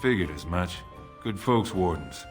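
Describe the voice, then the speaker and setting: A weary dwarf soldier with a very low, gruff voice, speaks in short, blunt, matter-of-fact phrases. Loud game music plays behind him. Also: male voice, animated, a little slow. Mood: plain, gruff.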